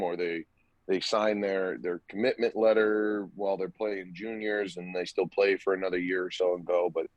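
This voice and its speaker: On a laid-back podcast, a young man who used to play hockey in college spins lively tales and performs the quotes himself. He has a low-pitched voice, captured with no room sound and with the highs cut off.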